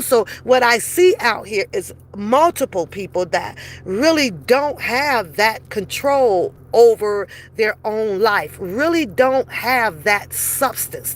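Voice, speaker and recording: A woman giving a casual, blunt commentary monologue, profane and animated, slipping into acted quotes as she talks. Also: medium pitch. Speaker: commentary vlogger.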